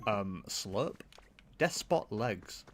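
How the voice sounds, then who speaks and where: A man's voice: fairly low pitch, lively intonation, drawn-out words, a little hiss or hum. A young man chatting casually as he streams a game, rambling and poking fun at himself. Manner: chatty, rambling, self-mocking. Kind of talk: casual gameplay livestream commentary.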